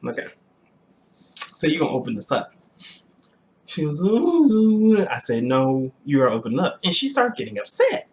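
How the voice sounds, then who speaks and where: A young adult man casually recounting a personal story to the camera, animated, with frequent restarts and throat clearing. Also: mid-range voice, a little fast, slight background noise. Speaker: vlogger telling a personal story.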